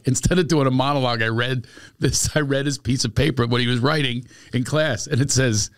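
Give me a male comedian podcast host, animated storyteller with a gravelly edge. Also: mid-range voice, fairly quick. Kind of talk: casual storytelling chat.

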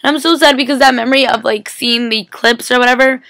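A young woman with a fairly high voice chats sleepily through a TV recap in the small hours, giggling and leaning on "like" as she rambles. It's captured on a laptop webcam mic, dry and close with no room sound. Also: fairly even intonation, fast talker, a bit bright, no echo. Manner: rambling, giggly, heavy use of "like". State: sleepy, filming at four a.m. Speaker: TV recap vlogger. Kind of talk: casual chatty recap.

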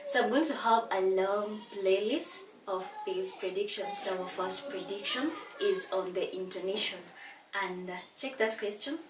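A woman's voice: medium pitch, unhurried. A woman teaching an exam-prep English lesson, explaining each answer step by step and giving the reason. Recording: echoey room from far off, with noise.

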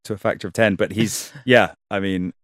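A man being interviewed about his acting work, talking in halting bursts with many restarts and frequent laughs. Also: lowish voice, steady tone, a bit bright, dry recording, clean studio sound. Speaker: actor guest. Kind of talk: casual interview chat.

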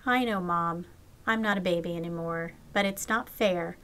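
A woman's voice: fairly low pitch, normal speed, fairly bright tone. A woman voicing a young girl who misses her absent father, speaking in a pleading, plaintive way.

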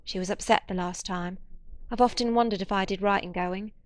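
A woman's voice: medium pitch, steady tone, brisk, close to an everyday voice. A woman reading as a weary, timid middle-aged woman. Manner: timid, tearful, earnest. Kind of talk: audiobook character reading.

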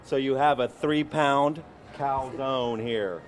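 A man's voice: medium pitch, slow pace, slight background noise. A man working as a stadium concessions chef, speaking eagerly and plainly in an on-location TV interview.

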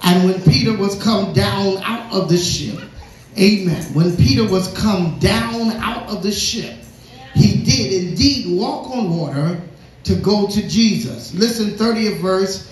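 A man's voice: high-pitched, measured pace, faint music behind. A man preaching a sermon in a church. He reads scripture, repeats words for emphasis and calls on the congregation to respond. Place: church sanctuary. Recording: echoey church hall.

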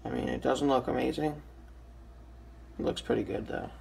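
A young man with a raspy, just-woken-up voice, casually reviewing a toy with lots of ums and restarts. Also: mid-range voice, steady tone, moderate pace, darkish tone. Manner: hesitant, many ums and restarts.

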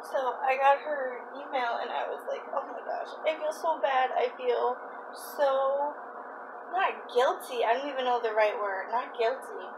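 A young woman talking casually to camera in a home vlog, chatty and pausing to search for words. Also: high voice. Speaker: vlogger. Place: home, kitchen. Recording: noisy home ambience.

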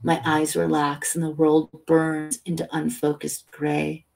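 A woman reads a novel aloud as a late-night bedtime story. Her voice is deep for a woman and slow, with a gravelly edge. She reads softly and without hurry. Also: completely flat delivery, rough recording. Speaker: audiobook reader.

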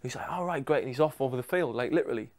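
A man's voice: medium pitch, rapid-fire, a little mellow. A man in an interview, telling stories about recording in an enthusiastic, rambling way. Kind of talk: casual interview chat.

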